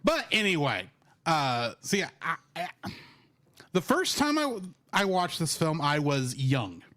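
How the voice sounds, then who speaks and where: A young man co-hosting a film podcast, his voice lively and climbing high when he gets worked up. He talks in a casual, teasing way and often corrects his co-host. His pitch sits a little above the usual for a man. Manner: animated, teasing, quick to correct. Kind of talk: casual chat.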